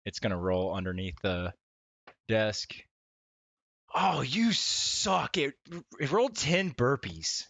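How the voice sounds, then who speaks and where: A man livestreaming casually from his desk at home, laughing often, swearing and talking excitably to his chat. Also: medium pitch, takes it slowly, gravelly, pauses often, dry recording. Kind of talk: casual live-stream chat. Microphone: desk mic, wearing wired headphones.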